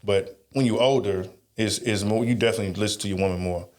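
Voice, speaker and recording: Man, podcast co-host, lowish voice, rambling, emphatic, restarts a lot. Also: steady tone, fast, a little mellow. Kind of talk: casual podcast chat.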